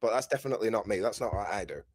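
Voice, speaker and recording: A man chatting as a podcast guest on a handheld mic, mock-serious and deadpan. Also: on the low side, rapid-fire, husky. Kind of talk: casual chat.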